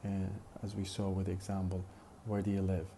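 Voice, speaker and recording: Low, gravelly male lecturer, slow and deliberate. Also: completely flat delivery, mellow, slight background noise. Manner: slow, deliberate explaining, repeating example phrases, often hesitating with "uh". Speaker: phonetics lecturer. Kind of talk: recorded university lecture.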